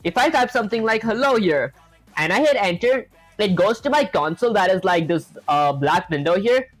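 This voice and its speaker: Coding live, this streamer talks at an easy, moderate speed in an expressive mid-range voice. They ramble casually with lots of filler words, call the audience "guys" again and again, and shrug off their own minor errors with a laugh.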